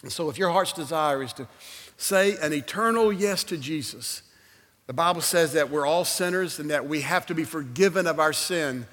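Man, preaching, animated storytelling, high pitch, reverberant sanctuary. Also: normal speed. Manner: animated storytelling, swings from loud exclamations to hushed invitation. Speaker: guest preacher. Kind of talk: sermon with personal story. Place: church sanctuary. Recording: long hall reverb.

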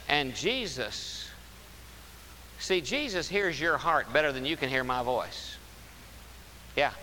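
Very animated with a sharp tone, this medium-pitched preacher hammers home his sermon by stretching key words and repeating phrases. The room is large and echoey, and a faint hiss runs underneath.

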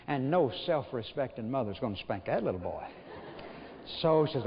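Man preacher, mid-pitched, homespun storyteller; muffled recording with long church reverb. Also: animated, moderate pace, slight background noise. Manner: folksy storytelling, rhetorical questions, gentle humor. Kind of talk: sermon.

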